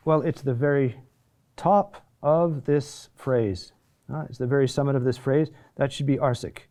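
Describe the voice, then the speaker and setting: Man, chant instructor, mellow tone, hesitant lecturing with frequent fillers. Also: medium pitch. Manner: halting, many fillers and restarts, asks "huh?". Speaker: chant teacher.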